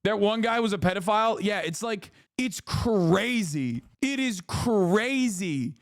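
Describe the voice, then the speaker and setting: A man rants through casual stream commentary, swearing freely. His voice sits fairly high for a man, and the sound is close and dry. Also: slow, dry recording. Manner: profane, animated ranting.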